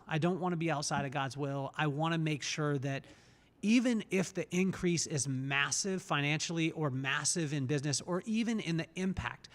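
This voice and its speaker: Earnest man with a reverby voice. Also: a little high. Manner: earnest, reflective, repeats words as he thinks. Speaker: podcast host. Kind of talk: casual podcast conversation.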